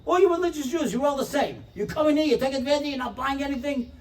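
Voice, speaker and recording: A man voicing an angry male restaurant waiter who shouts and rants at customers in a sharply raised voice. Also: extremely high pitch, quick pace, distant mic, pitched above the performer's own voice. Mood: furious. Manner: shouting, ranting.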